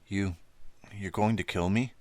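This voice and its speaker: A man's voice: on the low side, steady tone, a little slow, no echo, lightly acted. A man reading an audiobook, voicing a frightened teenage girl held captive, pleading and stammering.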